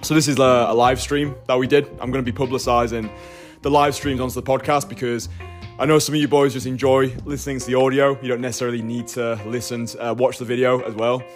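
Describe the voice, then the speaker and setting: Laddish podcast host swearing casually. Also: male voice, mid-range voice, little pitch movement, fast, faint music behind. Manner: swears freely, rambling and laddish. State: slightly out of breath. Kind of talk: casual monologue and chat.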